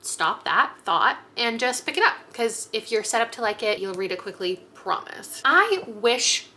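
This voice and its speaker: Bright, chatty young woman vlogger. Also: fairly high pitch, sing-song, measured pace. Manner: frank and chatty, with light laughs and fillers. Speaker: book vlogger. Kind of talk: casual to-camera chat.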